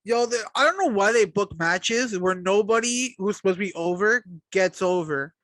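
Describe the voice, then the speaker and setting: A man's voice: sits high, lively intonation, normal speed, a bit bright, no room sound. A man co-hosting a casual podcast, blunt and exasperated, swearing often. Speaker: podcast co-host. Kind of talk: casual wrestling chat.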